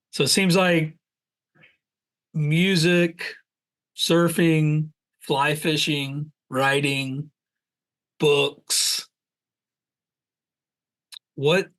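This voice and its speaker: Very slow-talking male podcast host. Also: fairly high pitch, a bit bright, poor audio. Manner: slow, hesitant questions with fillers. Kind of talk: interview questions.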